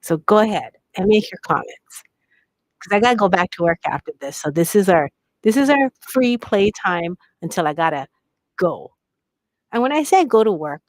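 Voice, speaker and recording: A woman's voice: fairly low pitch, no room sound, rough recording. A middle-aged woman from Hawaii hosting a live bead shop demo, chatting, laughing and sometimes whispering. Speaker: livestream host at a bead shop.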